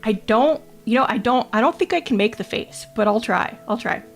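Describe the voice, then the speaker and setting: Playful, higher-voiced woman streamer. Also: expressive, moderate pace, faint music behind. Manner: playful, crude joking, laughs often; repeats her own phrases. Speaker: VTuber streamer. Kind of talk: casual live-stream chat, reading chat aloud.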